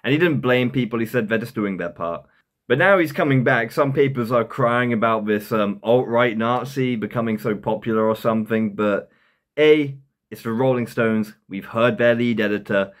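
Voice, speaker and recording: A young man talks through casual comedic commentary in an even, middle-pitched voice. He rambles loosely and chuckles at his own jokes as he goes. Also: moderate pace. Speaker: commentary YouTuber.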